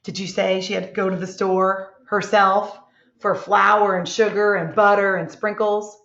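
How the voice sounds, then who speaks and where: A woman teacher leading a slow, encouraging reading lesson for young children, asking many tag questions. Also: medium pitch, level tone, fairly bright tone. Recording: echoey room, dull lo-fi sound.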